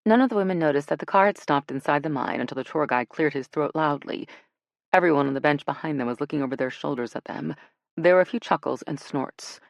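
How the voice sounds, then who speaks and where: A woman narrating a romance audiobook in a relaxed, expressive storytelling manner. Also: sits low, fast talker, creaky, no echo, studio quality. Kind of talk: scripted narration.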